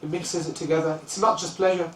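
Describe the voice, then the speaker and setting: A man from the UK teaching a lesson on classical poetry, telling stories and chanting lines of verse quickly. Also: fairly high pitch, level tone, fairly bright tone, a little hiss or hum. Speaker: religious teacher. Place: lesson room. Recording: roomy, distant mic, faint ambience.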